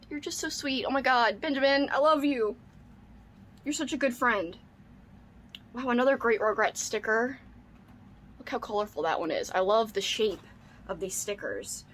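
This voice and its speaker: A young woman vlogger chats through an unboxing, her voice sitting a little high. She gushes constantly, piling on "like" and "oh my god" as her delight spills over. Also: normal speed, pauses often, fairly bright tone. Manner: gushing, squealing with delight, says "like" and "oh my god" often. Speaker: book vlogger. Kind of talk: excited unboxing chat.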